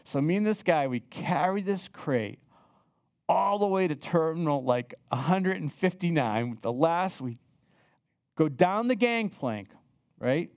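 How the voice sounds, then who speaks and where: An older man telling a personal travel story in a lively, chatty way, often turning to the listeners to share a memory. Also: a little high, measured pace, no room sound. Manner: animated, chatty, asks the listeners to remember with him.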